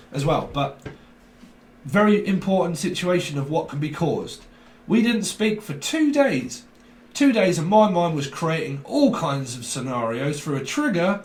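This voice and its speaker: A man talking through a tarot reading with a somewhat high voice and a theatrical, emphatic delivery. He keeps tossing out quick question tags, and his voice echoes around the room. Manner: emphatic, dramatic, keeps asking "right?". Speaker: tarot reader. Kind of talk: casual video tarot reading.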